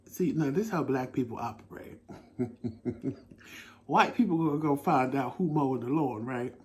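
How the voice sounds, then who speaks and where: A middle-aged man telling stories in a casual chat as a talk show co-host, lively and laughing, acting out what he said. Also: mid-range voice, moderate pace. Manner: animated, laughing storyteller who acts out his own quotes. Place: home living room.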